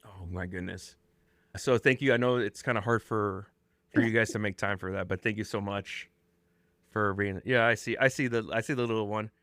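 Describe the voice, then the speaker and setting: A man's voice: lowish voice, moderate pace, no room sound. A man hosting a casual podcast chat, talking freely and laughing often. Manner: laughs often, chatty and animated. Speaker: podcast host.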